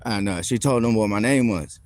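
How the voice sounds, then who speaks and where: A man's voice: lowish voice, brisk. Heated, profane man ranting on a livestream. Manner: heated, profane, rambling storytelling. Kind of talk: live stream rant. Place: outdoors on a city street.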